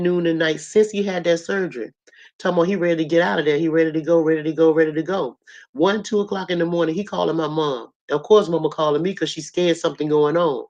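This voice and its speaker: A hoarse woman with a cough, telling a story to her audience in a blunt, colorful, animated way. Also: sits low, highs cut off. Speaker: host.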